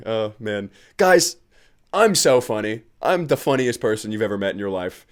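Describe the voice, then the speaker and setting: A man's voice: fairly low pitch, lively intonation, moderate pace. Rambling, jokey man. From United States. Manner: rambling, self-mocking, laughs at his own jokes. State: tired. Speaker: podcast host. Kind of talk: casual solo podcast chat.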